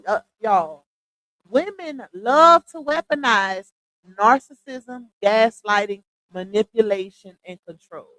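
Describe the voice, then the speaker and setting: A woman's voice: on the high side, a bit bright, dry recording, rough recording. A woman commenting casually on a livestream, chatty and laughing often as she reads posts aloud.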